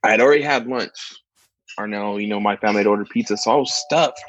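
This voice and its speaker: A man co-hosting a casual chat, telling stories with lively, much higher put-on voices for the people he quotes. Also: quick pace, dull audio, slight background noise. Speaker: podcast co-host, church ministry worker.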